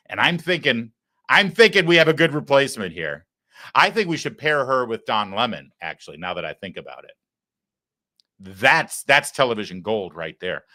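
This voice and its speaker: A man's voice: lowish voice, bright, forceful tone. A man hosting a live political commentary show, talking in a sarcastic, mocking, conversational way. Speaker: talk show host.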